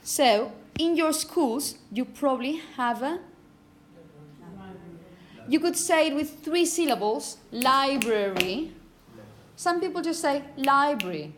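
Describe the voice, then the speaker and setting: A woman teaching phonetics to a class, saying example words slowly and often asking "okay?". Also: high voice. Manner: repeats words slowly to model pronunciation; asks "okay?" often to check understanding. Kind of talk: classroom lecture.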